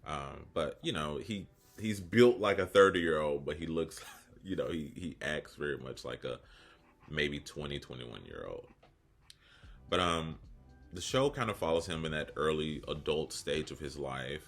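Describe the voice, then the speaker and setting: A man's voice: rumbling low, animated, measured pace, faint music behind. A man in his thirties hosting a casual video essay, rambling into joking, self-deprecating asides. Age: 30s.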